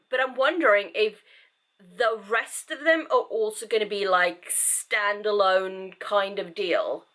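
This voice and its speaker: Woman, book vlogger, rambling casual chat, slow pace, bright voice. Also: on the high side. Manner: rambling, chatty, self-interrupting.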